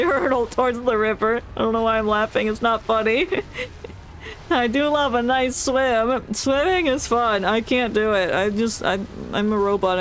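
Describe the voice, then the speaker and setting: Streamer voicing game text live, jokey asides and laughs, mid-pitched. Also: a little hiss or hum. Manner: playful, laughing, joking asides. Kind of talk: reading game story aloud with live reactions.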